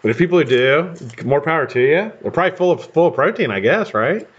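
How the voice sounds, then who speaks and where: Animated American man, dull lo-fi stream. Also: fairly high pitch, fast talker, slightly rough. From United States. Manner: rambling, chatty, swears casually. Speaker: live-stream host building vape coils. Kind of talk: casual live-stream chat while working.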